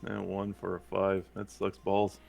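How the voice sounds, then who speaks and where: A man playing in a tabletop game who swears freely and loudly protests what happens to his character. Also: low-pitched, completely flat delivery, a little slow, gravelly, soft background music. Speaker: player.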